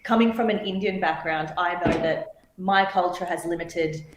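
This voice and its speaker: A woman's voice: fairly low pitch, moderate pace, noisy background. Earnest woman host in a roomy echo. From Australia. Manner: earnest, animated, laughs often. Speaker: podcast host. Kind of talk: casual podcast conversation.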